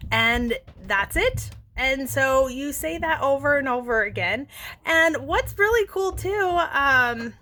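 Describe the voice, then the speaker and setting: A woman vlogger talking gently and earnestly to camera, walking through a forgiveness practice with many fillers and restarts. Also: high-pitched, animated, slow, a little hiss or hum. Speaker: self-help vlogger. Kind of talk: casual instructional talk to camera.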